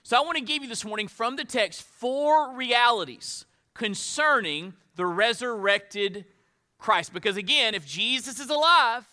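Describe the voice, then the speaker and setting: Bright, high-voiced preaching man. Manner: dynamic preaching, drops to hushed tones for emphasis. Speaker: pastor. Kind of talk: sermon.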